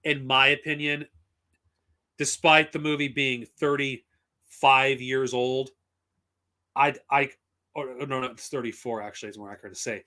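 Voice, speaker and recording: A man's voice: medium pitch, steady tone, normal speed, pauses often, pushed and bright. A man talking casually on a live stream, blunt and profane, rambling with frequent restarts. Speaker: streamer reviewing comics and films.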